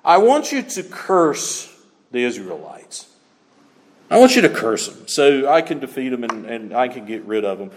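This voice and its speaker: A man's voice: mid-range voice, very animated, moderate pace, pitched below the performer's own voice, lightly acted. A man preaching, putting on the voice of a frustrated, demanding ancient king in a sermon retelling. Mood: scheming. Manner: exasperated, demanding. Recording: long hall reverb.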